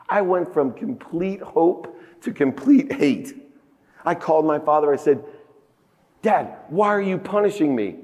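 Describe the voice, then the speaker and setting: A man in his fifties giving a motivational keynote speech on a conference stage, telling a personal story with big emotional swings in pitch and loudness. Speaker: keynote speaker. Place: large conference hall stage. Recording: echoey conference hall.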